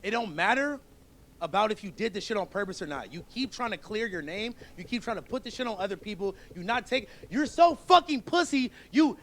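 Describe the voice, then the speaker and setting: A man's voice: high voice, lively intonation, fast talker, fairly bright tone. A man who co-hosts a show, confronting his longtime partner in a heated, profane, accusing argument.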